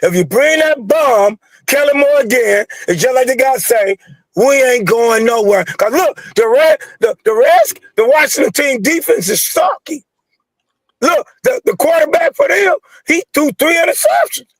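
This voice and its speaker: High-voiced guy going off about football, angry and worked up, dry close sound. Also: big pitch swings, normal speed, dry recording. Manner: fired-up, angry, repetitive, slangy. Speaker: caller ranting about football. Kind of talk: heated sports call-in rant.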